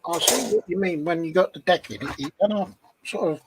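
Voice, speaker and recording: A man chatting casually at a hobby bench, making dry deadpan quips. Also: high voice, fairly quick, background noise. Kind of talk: casual chat while model building.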